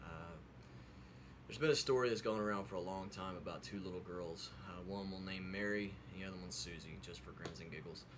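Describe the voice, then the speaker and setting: A low-pitched man on a video tells a folksy devotional story at a brisk pace, rambling casually with lots of fillers before closing in an earnest, preaching tone. There's background noise.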